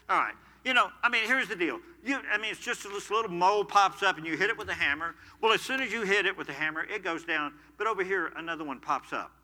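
Bright-voiced older preacher in a reverberant hall. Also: male voice, on the high side. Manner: swings from loud preaching to quiet storytelling. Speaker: pastor. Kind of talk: sermon.

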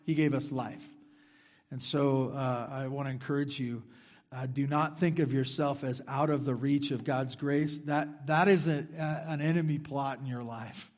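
A middle-aged man delivers a sermon with a voice pitched a little above most men. His tone stays easy and conversational, circling back to repeat key phrases and sinking into quiet asides between them. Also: a little slow. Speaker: pastor.

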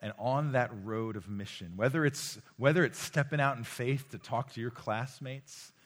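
A man preaching a sermon to young people in a room, impassioned, swinging from loud exhortation to hushed tones, often repeating words as he goes. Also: medium pitch, normal speed. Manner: repeats words and restarts as he speaks. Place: room with a live audience.

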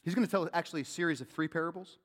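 A man preaching a sermon as a pastor, animated and calling out questions to the congregation. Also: fairly high pitch, very fast. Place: church sanctuary. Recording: long hall reverb.

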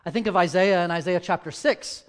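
A church elder preaching a sermon, moving between scripture reading, a quiet prayer and personal stories with loud dramatic peaks. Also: male voice, sits high, fairly quick, clean tone. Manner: reads scripture, prays softly, then tells stories and rises to loud dramatic peaks.

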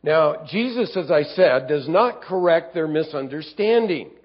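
Man preaching, slightly high, lo-fi. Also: animated, unhurried. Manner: teaching, reads scripture aloud and acts out grumbling voices. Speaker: pastor. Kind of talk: expository sermon.

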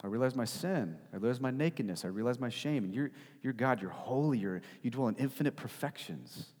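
A man's voice: mid-range voice, expressive, fairly quick, darkish tone, lightly acted. A man voicing the first man, ashamed and afraid, confessing in a subdued tone. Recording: long hall reverb.

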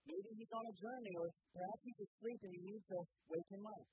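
A man preaching a sermon, reading scripture aloud and then explaining it in a relaxed, conversational way with fillers. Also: high-pitched, quick pace, noisy background. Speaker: pastor.

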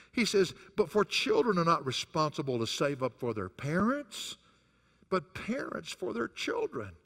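Animated preacher man in a reverberant hall. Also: a little high, normal speed, creaky. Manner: rises and falls sharply for emphasis, chuckles between points. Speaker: pastor. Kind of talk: sermon.

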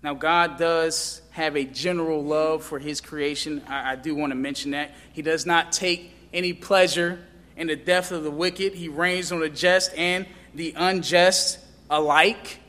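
High-voiced slow impassioned preacher, reverberant hall. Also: male voice, steady tone. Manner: impassioned preaching, rising to loud questions and dropping low. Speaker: pastor. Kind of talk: sermon.

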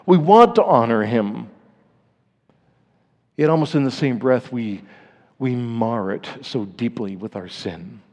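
A male pastor delivering a sermon in a middle-pitched voice that sinks into hushed, grave lows before climbing to emphatic peaks. His words ring out with a long reverb, as if he is speaking in a large church sanctuary. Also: lively intonation, slow, long pauses.

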